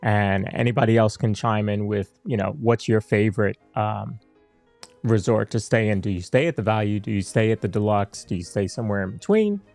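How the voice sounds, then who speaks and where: A man co-hosting a casual podcast, easygoing and quick to laugh as he walks through a list of topics. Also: lowish voice, creaky, darkish tone, dry recording, faint music behind. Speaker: podcast co-host.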